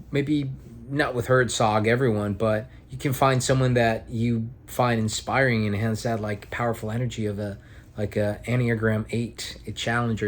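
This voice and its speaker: A young man talking at home in a casual, reflective vlog monologue, rambling and earnest with some casual swearing. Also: medium pitch. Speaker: vlogger and aspiring actor.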